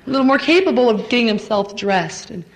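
A woman's voice: fairly high pitch, expressive, quick pace, low-quality recording. Fervent middle-aged woman preaching. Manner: fervent, stammering repeats, drops to hushed near-whispers. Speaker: speaker at a women's retreat. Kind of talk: emotional sermon.

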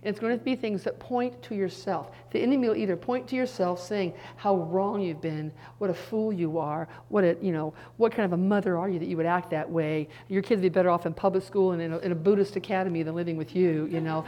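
A middle-aged woman giving a conversational Bible teaching, animated, swinging from soft, slow passages to emphatic bursts with quick asides. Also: fairly low pitch.

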